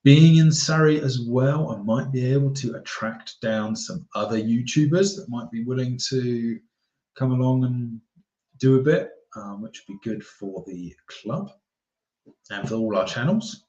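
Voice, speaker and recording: A man's voice: medium pitch, a little slow, mellow. A man chatting casually on a live stream as a golf YouTuber, rambling and reading viewer comments aloud. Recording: roomy, dull lo-fi sound.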